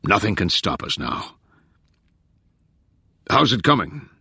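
A man voicing a gruff middle-aged male agency chief who talks briskly and with authority. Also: fairly low pitch, huge pitch swings, bright, forceful tone, no echo, clean studio sound, exaggerated voice. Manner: brisk, commanding.

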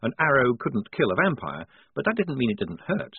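Male audiobook narrator, wry, lively pitch, dry close sound, narrow lo-fi band. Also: a little fast, vocal fry, breathy edge, no echo. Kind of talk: scripted narration.

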